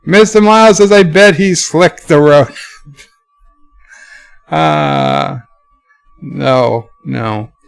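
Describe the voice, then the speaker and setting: A man hosting a casual livestream, reading viewers' chat aloud in a lifted voice and answering it in a low, offhand mutter. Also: extremely slow, vocal fry, long pauses, smooth, faint music behind.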